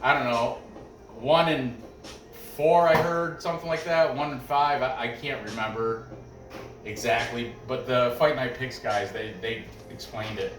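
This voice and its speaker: A man with a mid-range voice hosts a sports betting picks show at a measured pace, talking in a chatty, rambling manner with frequent restarts and asides. He's far from the mic against a noisy background, with roomy echo and faint music behind him.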